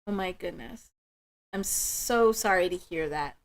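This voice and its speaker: A woman hosting a spiritual livestream, chatting with viewers in an emotional, affirming way. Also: lowish voice. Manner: warm, emotional, affirming, slow and soft-spoken. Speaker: livestream host.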